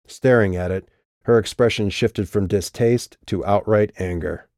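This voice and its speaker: Male narrator, audiobook, even pace, low pitch, warm dark tone. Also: measured pace, no room sound, clean studio sound. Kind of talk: scripted narration.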